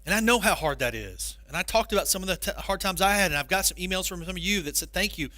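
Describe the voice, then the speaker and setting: A male pastor giving a sermon, telling stories with animated, self-mocking humor. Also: high-pitched, fast talker, dry recording.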